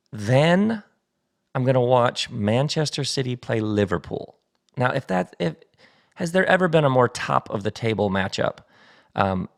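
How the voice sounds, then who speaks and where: A middle-aged man hosts a casual solo podcast from his kitchen table, speaking into a studio mic set up there. He's chatty and playful and laughs easily, with a medium-pitched, creaky voice.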